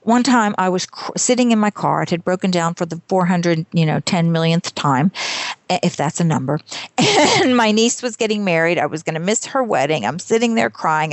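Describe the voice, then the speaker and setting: A woman's voice: on the low side, animated, moderate pace, dry recording. A middle-aged woman, an author, telling her story in an interview, laughing often and acting out quotes. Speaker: author and speaker, podcast guest.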